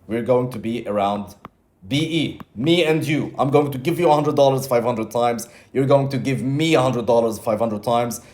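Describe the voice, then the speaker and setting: A man's voice: medium pitch, normal speed, a little mellow. A man teaching trading in a casual monologue, blunt and repetitive, swearing now and then. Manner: acts out his own inner voice in quotes. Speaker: trading mentor.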